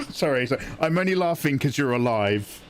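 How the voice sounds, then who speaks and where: Animated, joking man streamer. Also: medium pitch, fairly quick, slight background noise. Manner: joking, laughs at his own stories. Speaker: art streamer. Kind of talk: casual livestream chat.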